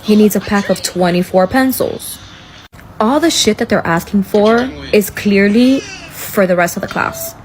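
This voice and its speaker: A woman's voice: medium pitch, unhurried, darkish tone. A mother venting bluntly and irritably, swearing as she complains. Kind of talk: profane venting rant.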